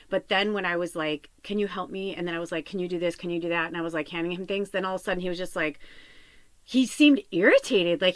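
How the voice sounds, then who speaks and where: A woman's voice: lowish voice, fairly bright tone, dry recording. A woman in her fifties telling a long personal story in a casual, rambling way, tired, restarting sentences and filling with "like". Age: 50s. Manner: rambling, emotional, filler-heavy with frequent restarts. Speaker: spiritual medium podcaster.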